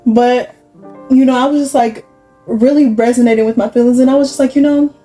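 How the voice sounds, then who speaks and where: A young woman vlogger chats casually while doing her makeup, rambling and confiding with lots of "like" and "you know". Her high, warm voice is steady and brisk. The audio is poor, with faint music in the background.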